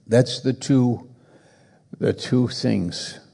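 A man preaching a sermon as pastor, halting and repeating words for emphasis, with a gravelly voice. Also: mid-range voice, mellow, big-room sound.

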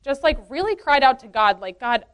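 A woman's voice: sits high, sing-song, brisk, fairly bright tone. A woman in her late twenties giving a casual, earnest testimony talk, chatty, filling her speech with "like" and laughing often. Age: 20s. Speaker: youth leader speaking at a women's meeting.

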